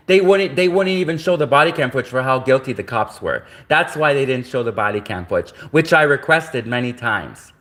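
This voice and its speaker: A man from Canada delivers an indignant livestream rant in a slightly high voice. He circles back to the same phrases again and again, hammering each point home. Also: a bit bright. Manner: repetitive, indignant ranting. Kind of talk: ranting livestream monologue.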